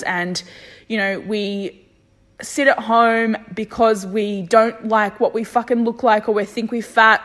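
A young woman talking candidly in a reflective personal vlog, thinking aloud and swearing freely. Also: on the high side. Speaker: vlogger.

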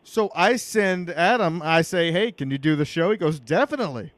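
A man's voice: a little high, normal speed, no room sound. A man hosting a crude, casual podcast chat in a laid-back, joking manner. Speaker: podcast host.

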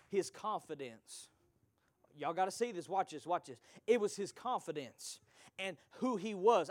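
A man preaching a sermon to his congregation, moving between hushed whispers and shouted peaks and calling out to the listeners directly. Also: high-pitched, expressive, moderate pace, no echo. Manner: call-and-response preaching, addresses congregation directly.

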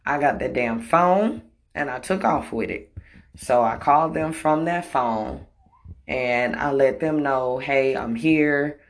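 A woman's voice: very deep voice, slow pace. A woman telling a personal story in a blunt, profane, emotional way. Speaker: storytelling vlogger. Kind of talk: casual storytime monologue.

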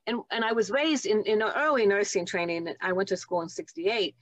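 A woman's voice: mid-range voice, animated, moderate pace, no echo. Older woman telling heartfelt stories. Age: 70s. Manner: heartfelt, reflective storytelling. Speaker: guest, nurse and author. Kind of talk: storytelling interview.

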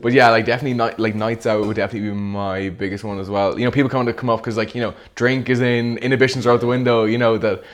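A man's voice: medium pitch, racing, few pauses. Young man telling stories. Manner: animated storyteller, filler-heavy. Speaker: video creator. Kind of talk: casual chat.

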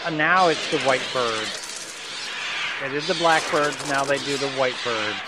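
A man's voice: medium pitch, unhurried, very noisy. A man co-hosting a movie-riffing podcast, trading laid-back wisecracks. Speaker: podcast co-host. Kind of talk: riffing on a movie, casual chat.

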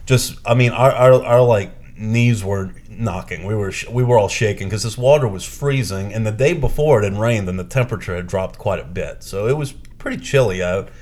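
Man, lowish voice, podcast co-host, chatty storytelling, animated, acts out quotes. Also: normal speed, hardly any pauses. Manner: chatty, with restarts and fillers. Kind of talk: casual storytelling chat.

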